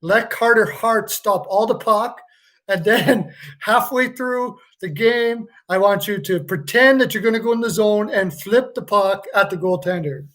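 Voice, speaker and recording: A man's voice: high-pitched, measured pace, fairly bright tone. A man putting on a hockey coach with an exaggerated fake French accent, giving bossy, mock-serious instructions. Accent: put-on French.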